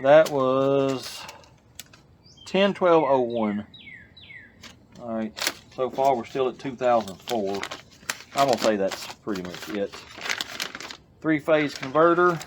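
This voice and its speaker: An older man hosting a garage channel talks easily while repairing an old truck outdoors on a farm, short of breath and laughing at his own expense. His drawl sits at medium pitch, and there is slight background noise.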